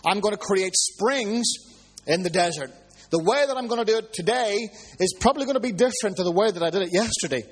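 A man preaching a sermon, telling stories with lively swings between hushed and high exclamations. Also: brisk, husky.

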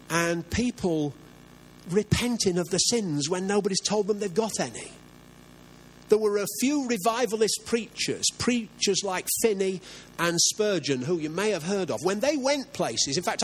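A man's voice: sits high, breathy edge, low-quality recording. An older man preaching a sermon as pastor, earnest and emphatic, often asking his listeners questions.

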